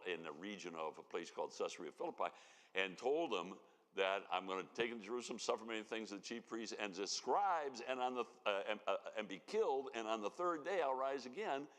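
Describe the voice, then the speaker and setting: A man's voice: fairly low pitch, a bit bright. A man giving sermon-style Bible teaching at a conference, telling the story with animation and acting out the lines he quotes. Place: church sanctuary. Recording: reverberant church hall.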